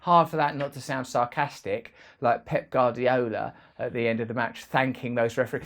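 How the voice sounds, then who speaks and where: A man's voice: medium pitch, fairly even intonation, normal speed, gravelly, hardly any pauses. A man hosting a casual, rambling vlog, full of playful jokey asides. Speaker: host.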